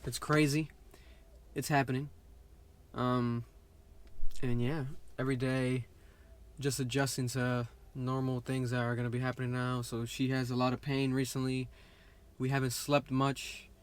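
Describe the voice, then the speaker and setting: A man's voice: mid-range voice, flat delivery, a little slow, clear, resonant tone. A young man chatting casually as a vlog co-host, rambling and restarting his sentences. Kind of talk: casual chat.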